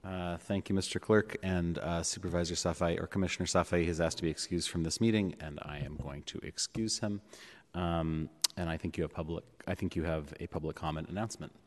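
A man chairing a public board meeting in a relaxed way, with a few fillers. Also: low voice, fairly quick. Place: city hall chamber. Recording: long reverb of a hall.

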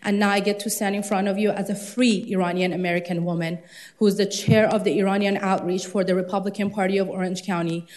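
A woman's voice: medium pitch, flat delivery, fast talker, darkish tone. Impassioned woman at a council podium. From Iran. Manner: earnest, impassioned. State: out of breath. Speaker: public commenter. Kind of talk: public comment at a council meeting.

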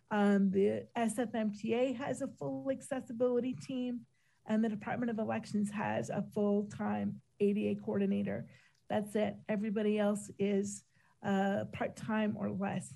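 A woman giving a measured, methodical presentation to a council as a city disability office official, with frequent ums and uhs, while she is losing her voice. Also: on the high side, gravelly, dark tone, rough recording.

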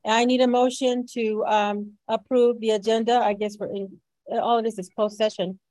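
A woman's voice: a little high, flat delivery, moderate pace, a little mellow, dry recording, low-quality recording. A woman chairing a school board meeting, speaking casually and hesitantly with many fillers.

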